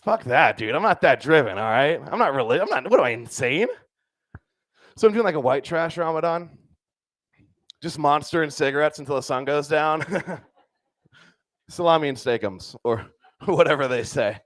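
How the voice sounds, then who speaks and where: A man's voice: on the high side, lively intonation, moderate pace, pauses often, no room sound. Crude young male stand-up comic, dry sound. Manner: loose and crude, lots of "dude" and "right?". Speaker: stand-up comedian. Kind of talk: stand-up comedy set. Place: comedy club stage.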